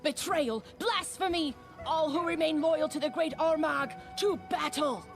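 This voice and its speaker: Fanatical priestess, accusing. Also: female voice, high voice, unhurried. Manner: accusing, declamatory. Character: fanatical vengeful female cult priestess. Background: game music.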